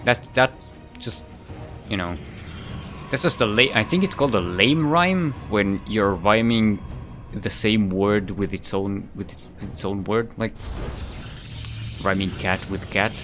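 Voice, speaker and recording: A man's voice: lowish voice, measured pace, long pauses, a bit bright. A man casting a live video game match, rambling and correcting himself often with a light chuckle, while faint music plays behind. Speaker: esports caster.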